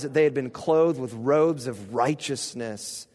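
Animated pastor preaching in a reverberant hall. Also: male voice, medium pitch, a little slow. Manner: animated, asks the congregation questions, swings from hushed to loud. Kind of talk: sermon. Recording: long reverb of a large hall.

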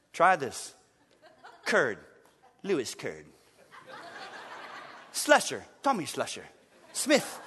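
A man preaching a sermon as pastor, emphatic and playful, swinging from loud declarations to hushed, drawn-out phrases. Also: extremely high pitch, a little hiss or hum. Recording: long church reverb.

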